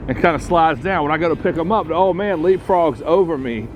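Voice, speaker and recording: Dude, kinda high voice, cussing through hometown stories outside, faint street noise. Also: male voice, fairly quick. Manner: profane, animated storyteller who acts out quoted voices. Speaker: podcast host. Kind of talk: casual storytelling on a walking tour. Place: outdoors on a town street.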